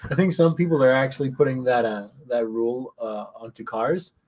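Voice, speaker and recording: Male co-host, mid voice, quick asides. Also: medium pitch, steady tone, darkish tone. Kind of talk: casual chat.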